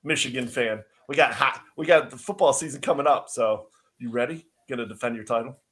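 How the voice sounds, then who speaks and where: Dude on a podcast spinning a story, laughing along, ordinary mid voice. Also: male voice, mid-range voice, brisk. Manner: animated storyteller who laughs easily and says "dude". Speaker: podcast co-host. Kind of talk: casual chat, storytelling.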